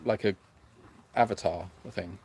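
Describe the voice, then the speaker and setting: A man's voice: low-pitched, normal speed, darkish tone, slightly rough, dry recording. A man hosting a sanctuary livestream, reading viewer comments aloud in a hesitant, self-mocking way with lots of fillers. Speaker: animal sanctuary host.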